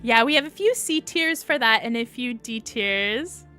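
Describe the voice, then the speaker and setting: A woman's voice: fairly high pitch, lively intonation, a little slow, bright, forceful tone, soft background music. A young woman hosting a casual livestream, chatting and answering viewers' comments as she goes. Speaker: livestream host.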